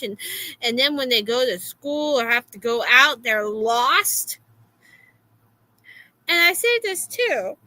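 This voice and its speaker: A woman with a Florida accent telling a story in a casual, exasperated way, filling pauses with "uh". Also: sits high, low-quality recording. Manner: animated, exasperated, many "uh" fillers.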